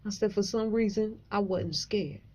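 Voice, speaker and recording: A woman vlogger tells her story in a loose, profane and animated way. Her voice is mellow and dark. The recording is a little dull and lo-fi. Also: medium pitch, moderate pace, husky. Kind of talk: casual storytelling to camera.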